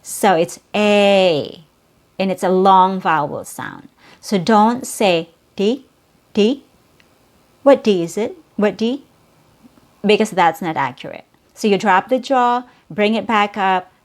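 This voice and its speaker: A woman leads a pronunciation lesson at an unhurried pace. She demonstrates each vowel clearly and repeats every example word. Her voice sits at a middle pitch. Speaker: pronunciation teacher. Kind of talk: slow, careful pronunciation lesson.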